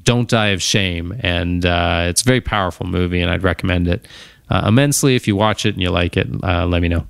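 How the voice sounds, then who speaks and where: A man's voice: low-pitched, fast, creaky, clear, resonant tone, no echo, clean studio sound. A man hosting a podcast on his own, talking casually and wandering off into tangents. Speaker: podcast host. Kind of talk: casual solo monologue.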